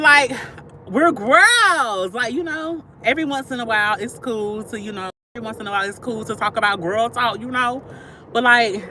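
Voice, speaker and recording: A woman's voice: mid-range voice, pushed and bright, slight background noise. A woman chatting casually to viewers on a livestream, gushing and chatty, calling them "y'all" and "sister.".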